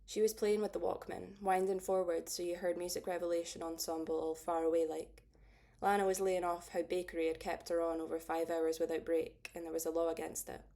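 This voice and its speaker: A woman narrating a first-person audiobook in a steady, understated way. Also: lowish voice, fairly quick, gravelly.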